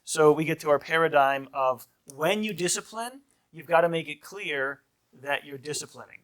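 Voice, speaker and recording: A priest teaching a marriage class in a conversational lecture style, often checking in with "right?" and acting out short quoted lines of kids and parents. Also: male voice, a little high, normal speed, fairly bright tone. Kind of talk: informal lecture.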